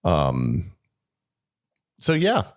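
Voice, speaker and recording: Hoarse, gravelly sick man. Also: huge pitch swings, very slow. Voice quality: gravelly, deep. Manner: rambling, self-deprecating, many restarts. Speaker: podcast co-host. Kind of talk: casual podcast chat. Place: room at home.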